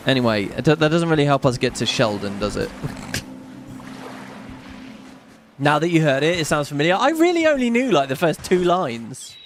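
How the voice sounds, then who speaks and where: A man's voice: on the high side, sing-song, moderate pace, pauses often, slight background noise. A man giving casual let's-play commentary, chatting and musing aloud as he reads on-screen game text. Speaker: gaming YouTuber. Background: game music.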